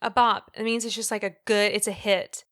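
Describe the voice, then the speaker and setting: A woman co-hosting a podcast in casual chat, an animated storyteller who fills her talk with "um" and "like". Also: medium pitch, moderate pace. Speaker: podcast co-host.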